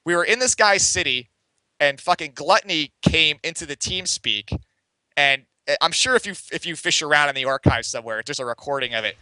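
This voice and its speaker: Young man, podcast guest, very bright tense voice, dry close sound, loose profane rambling, lots of fillers. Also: on the high side, animated, a little fast, smooth, no echo, poor audio. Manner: rambling and profane, heavy on fillers like "like" and "you know". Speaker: podcast guest, game community writer. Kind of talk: casual storytelling.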